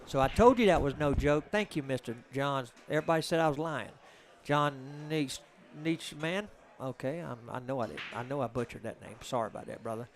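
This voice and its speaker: A man's voice: mid-range voice, animated, brisk, hardly any pauses, a little hiss or hum. A man with a Southern US accent from Georgia, chatting in a rambling, joking way as a commentator on a live pool stream. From Georgia, USA. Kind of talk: casual live-stream chat.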